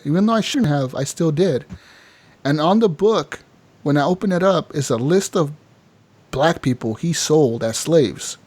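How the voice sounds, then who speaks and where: Animated, foul-mouthed man retelling a game story. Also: a little high. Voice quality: animated storyteller, swears freely, acts out characters in quotes. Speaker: podcast co-host. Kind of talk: casual gaming podcast chat.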